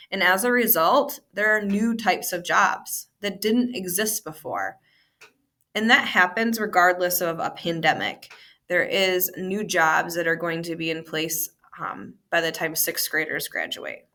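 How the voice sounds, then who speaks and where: A woman teacher talks a class through future careers in an easy, encouraging way. Her voice is bright and clear, with casual fillers as she explains. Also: on the low side, measured pace. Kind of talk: classroom lesson.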